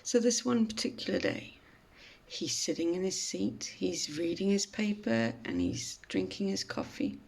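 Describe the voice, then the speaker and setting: A woman gives a mindfulness talk in the form of a story. She speaks slowly and gently, with a gravelly, fry-tinged voice. Her delivery is calm and reflective. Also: mid-range voice.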